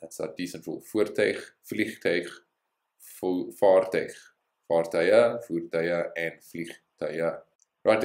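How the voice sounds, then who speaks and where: A man with a low, deep voice teaches a language lesson, explaining each rule step by step. He adds small bits of encouragement as he goes. The sound carries an echo from the room. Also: a little mellow.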